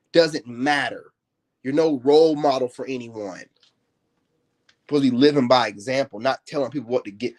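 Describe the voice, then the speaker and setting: A man delivering a confrontational, mocking commentary rant in slangy speech, his voice climbing higher in heated outbursts. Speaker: self-help commentator. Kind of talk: ranting commentary.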